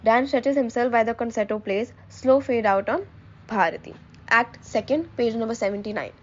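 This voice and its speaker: A woman teacher reading the stage directions of a play aloud to a class in a steady, plain manner. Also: on the high side, normal speed, highs cut off.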